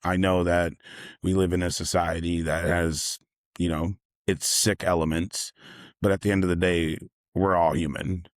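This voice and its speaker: A young man with a very low voice recounts a personal story in a casual, rambling way. His delivery stays even and level, and he keeps circling back to repeat himself. The sound is dry and close. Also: moderate pace, dry recording. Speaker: delivery driver.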